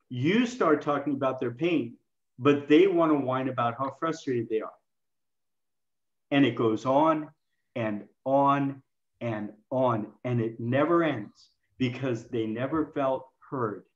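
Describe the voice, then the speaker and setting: A man speaking as a guest in an interview, explaining communication to health practitioners in an animated way and acting out quoted lines. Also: mid-range voice, echoey room, dull audio. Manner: animated, acts out patients and himself in quoted lines. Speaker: health coaching expert guest.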